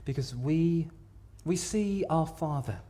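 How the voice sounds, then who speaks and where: Dramatic higher-voiced male preacher. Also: slow. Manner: dramatic storytelling, big swings from hushed to loud; repeats words for emphasis. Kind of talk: sermon. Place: church.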